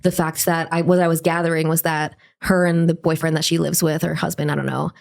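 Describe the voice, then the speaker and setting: Chatty woman co-host, slightly low voice. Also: little pitch movement, creaky. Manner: chatty and quick to laugh along. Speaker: podcast co-host. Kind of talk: casual chat.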